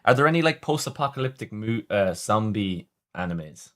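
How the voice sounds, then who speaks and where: A man's voice: on the low side, lively intonation, normal speed. A man hosting a casual livestream, chatting with viewers in a rambling way, often stumbling and restarting. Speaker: livestream host reading chat.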